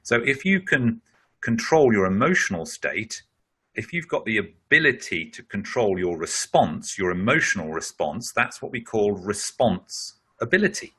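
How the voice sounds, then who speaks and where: Middle-aged man, webinar expert: low-ish, husky, bright voice, chatty explainer. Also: big pitch swings, normal speed. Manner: explanatory, conversational, with many "you know" fillers. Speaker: speaker on leadership. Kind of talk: webinar answer to a question.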